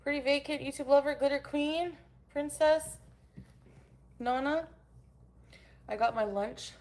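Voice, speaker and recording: Angry ranting woman streamer, higher voice. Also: a little slow, darkish tone. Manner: greets chat viewers by name. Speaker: livestream host. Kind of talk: casual livestream chat and rant. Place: at home.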